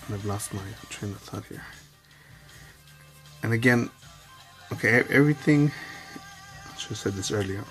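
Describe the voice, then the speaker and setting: A man giving a rambling, candid personal monologue to camera, swearing at times and slipping into quick impressions of others. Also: lowish voice, fairly bright tone, faint music behind. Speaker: vlogger.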